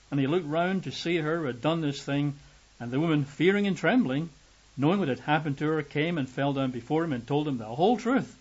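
A man preaches a conversational sermon, reading scripture and acting out each quoted voice. His voice sits fairly high and sounds a little husky. The recording is dull and lo-fi. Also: lively intonation, brisk. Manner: conversational, acts out quoted voices with rising pitch.

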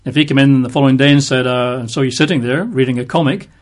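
A man's voice: medium pitch, fast. A man giving conversational Bible teaching, explaining verses with everyday examples.

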